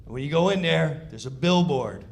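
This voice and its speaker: A man telling an animated comedic backstage story, acting out the scene as he goes. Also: fairly high pitch, fairly quick, vocal fry.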